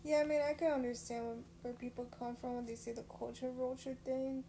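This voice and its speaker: A woman's voice: sits high, flat delivery, brisk, dark tone, slight background noise. A woman co-hosting a podcast, speaking frankly and teasing her co-host in casual chat. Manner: frank, teasing, matter-of-fact.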